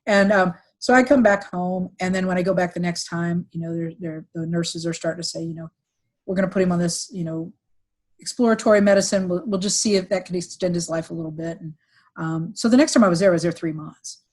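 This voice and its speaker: A middle-aged woman recounting a painful family story on a podcast, with halting restarts and fillers, sometimes quoting others in livelier voices. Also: on the low side, darkish tone. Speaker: podcast guest, executive recruiter. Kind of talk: emotional personal storytelling.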